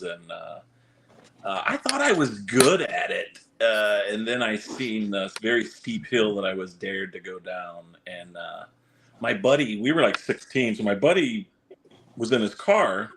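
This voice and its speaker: A man's voice: on the low side, slight background noise. A man on a podcast telling a story, acting out the lines of others and sprinkling in fillers. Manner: animated, acts out quotes, frequent fillers. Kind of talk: casual chat, anecdote.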